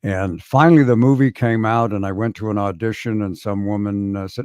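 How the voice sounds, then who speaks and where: A man's voice: fairly low pitch, fairly quick, hardly any pauses, a little mellow, no room sound, clean studio sound. A man guesting on a chat show, telling wry, self-deprecating stories about his acting work. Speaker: guest actor. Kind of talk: casual anecdotal chat.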